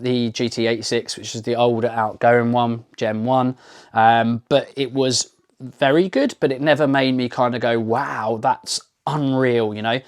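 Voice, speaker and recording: A man hosting a car review channel, talking to camera in a casual, enthusiastic, rambling way with lots of ums and restarts. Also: medium pitch. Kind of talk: casual unscripted talk to camera.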